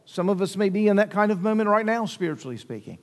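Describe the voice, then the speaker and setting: A man with a notably high voice preaches a sermon, pressing his points with rhetorical questions and dramatized quotes. His voice carries a long reverb, as if filling a large hall. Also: sing-song, fast. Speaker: pastor.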